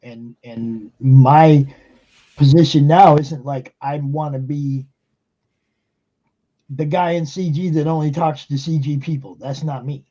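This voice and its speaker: A man's voice: on the high side, steady tone, slow pace, dark tone, highs cut off. A man hosting a live stream, talking casually and emphatically with lots of fillers and swearing. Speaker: streamer and show host. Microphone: computer mic on a live stream.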